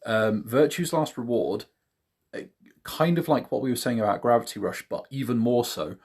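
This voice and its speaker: A man with a slightly husky voice co-hosts a relaxed podcast. He talks at a medium pitch, hedging his views and filling pauses with ums. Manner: easygoing, hedging, many ums. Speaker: podcast co-host. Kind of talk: casual chat.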